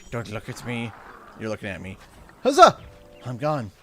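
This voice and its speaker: Speaking a little fast in a lowish voice, a Canadian gamer in his thirties chats casually on his livestream, laughing and acting out voices between stories. There's slight background noise.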